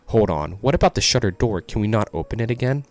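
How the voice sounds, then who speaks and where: A man's voice: fairly low pitch, expressive, fast, darkish tone. A man voicing a masked male host of a deadly game, theatrical and mock-polite, while reading a game script aloud. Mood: smug.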